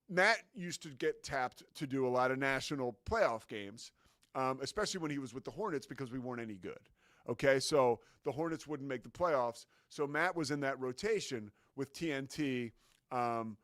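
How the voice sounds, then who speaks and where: A man's voice: mid-range voice, dry recording, studio quality. Chatty enthusiastic male sports host. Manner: enthusiastic, conversational, many fillers. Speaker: sports talk show host. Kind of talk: casual sports talk.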